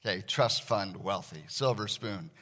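A man preaching a sermon as a pastor, conversational and animated, acting out the voices he quotes. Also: lowish voice, a little slow.

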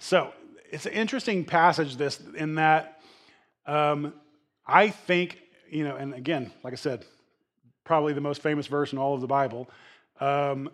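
A man's voice: on the high side, fairly even intonation, normal speed, long pauses, fairly bright tone. A middle-aged man preaching a casual sermon, conversational, with many fillers and restarts. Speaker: pastor.

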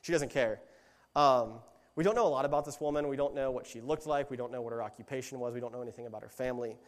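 Man, lay preacher, casual sermon, relaxed storytelling, mid-range voice, long hall echo. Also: mid-range voice, fast talker. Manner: relaxed, storytelling, self-correcting. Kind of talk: conversational sermon.

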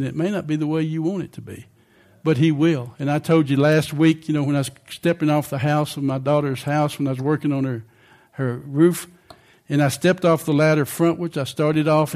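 A man's voice: on the high side, steady tone, a little fast, few pauses, a little mellow. An older man preaching a sermon in a conversational way, often asking the congregation questions.

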